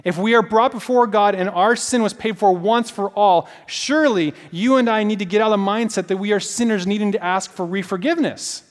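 A man with a high-pitched voice delivers a sermon. He tells stories in a loose, animated way, full of casual fillers. His voice rings out with long reverb, as if heard in a large hall. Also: fairly quick, few pauses. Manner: animated storytelling with many fillers. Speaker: pastor.

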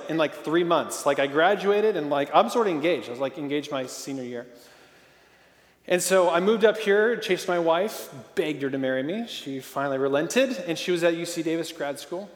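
Animated man preaching in an echoey hall. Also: sits high. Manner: casual, animated, full of fillers and acted-out quotes. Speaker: pastor. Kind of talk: sermon.

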